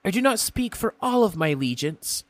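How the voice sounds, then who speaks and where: A man's voice: sits high, very animated, moderate pace, dry recording, voice pushed up. A man voicing a courteous, secretive male imp from the Nine Hells, who speaks in a formal, lilting manner.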